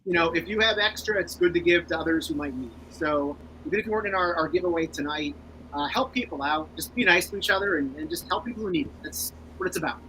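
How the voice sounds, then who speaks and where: A man's voice: on the high side, fast talker, bright, forceful tone, a little hiss or hum, poor audio. A man co-hosting a casual podcast in an easygoing way. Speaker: podcast co-host. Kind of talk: casual chat.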